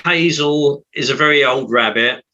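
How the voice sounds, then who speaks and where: A man's voice: medium pitch, unhurried, bright, forceful tone, highs cut off. A man guesting on a casual film podcast, sentimental, often stammering and restarting his sentences.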